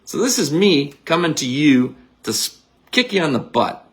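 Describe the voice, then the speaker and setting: A middle-aged man, a psychic medium leading a guided visualization talk in a blunt, energetic, casual coaching manner. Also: fairly high pitch, normal speed. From Canada.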